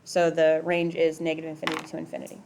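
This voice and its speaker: Middle-aged woman, math teacher, somewhat low voice, casual classroom lecture, quizzes her students. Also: completely flat delivery, quick pace, darkish tone. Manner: casual, questioning students, filler "like".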